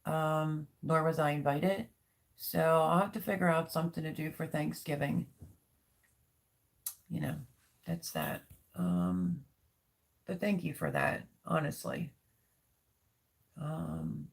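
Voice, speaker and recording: A woman's voice: deep voice, takes it slowly, gravelly, long pauses. A woman hosting a casual livestream from home, rambling candidly and reading out viewer comments. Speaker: livestream host. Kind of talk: casual live-stream chat.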